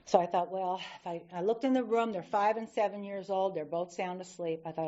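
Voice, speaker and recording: A woman speaking candidly from the podium at a recovery meeting, telling her story with lively acted-out quotes. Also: medium pitch, fairly quick, hardly any pauses. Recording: dull lo-fi recording.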